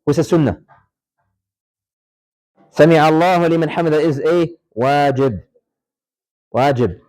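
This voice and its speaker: A man teaching a class on prayer in a mosque hall. His voice sits a little high, and he keeps firing quick questions at the students. He repeats the important points so they sink in. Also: darkish tone. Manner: quizzes students, repeats key points for emphasis. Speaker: Islamic studies teacher. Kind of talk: interactive classroom lecture.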